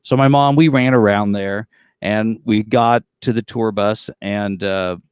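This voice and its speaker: A man's voice: lowish voice, steady tone, measured pace, smooth, no echo, clean studio sound. A man around forty, a tribute performer from California, telling stories in a rambling, easygoing way with many fillers on a video call from the front of a tour bus. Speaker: tribute performer, interview guest. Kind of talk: casual storytelling interview.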